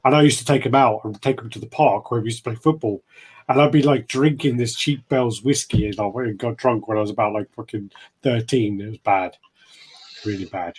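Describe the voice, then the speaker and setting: A man's voice: mid-range voice, brisk, a little mellow, slightly rough, low-quality recording. A man with a nasal voice, hosting a casual, rambling live chat. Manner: chatty, rambling, swears. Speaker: host.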